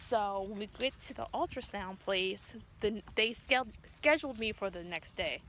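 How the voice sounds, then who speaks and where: A woman's voice: medium pitch, normal speed, a little hiss or hum, low-quality recording. A woman vlogger telling a personal story to her viewers in a casual way, acting out what people said. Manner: animated retelling, acts out quotes. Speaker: vlogger, mother of twins.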